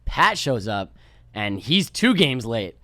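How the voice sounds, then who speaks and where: A man's voice: mid-range voice, very animated, slow, fairly bright tone, no room sound. A young man from New York, a podcast guest telling rambling, laid-back stories and swearing freely. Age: young adult. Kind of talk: casual storytelling chat.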